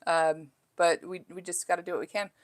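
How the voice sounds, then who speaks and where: A woman's voice: fairly low pitch, level tone, brisk. A middle-aged woman hosting a casual live chat from home, reading viewer comments aloud and musing on her life with fillers and restarts. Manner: chatty and self-reflective, with frequent fillers. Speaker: live stream host.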